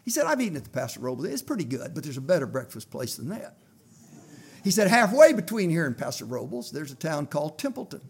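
An older man preaching a sermon, telling a personal story in a folksy way and rising to loud, emphatic prayer. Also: fairly high pitch, big pitch swings, fast, breathy edge.

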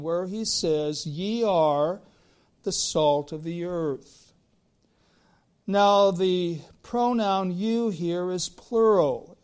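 A man preaching a sermon to his congregation, with deliberate phrasing that swells into emphatic lines. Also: high-pitched, darkish tone. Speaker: pastor.

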